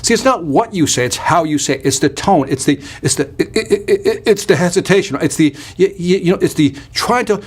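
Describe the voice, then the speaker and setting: Energetic man, slightly high voice. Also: brisk, few pauses, husky. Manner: energetic and emphatic, with punchy repetition. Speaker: sales trainer hosting a live online workshop. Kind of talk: live webinar talk, reading out viewer comments.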